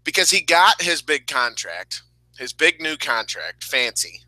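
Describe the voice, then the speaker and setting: A man's voice: fairly high pitch, very animated, measured pace, pushed and bright, no room sound, poor audio. A man co-hosting a casual wrestling review podcast, rambling and candid, sometimes emotional. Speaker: podcast co-host.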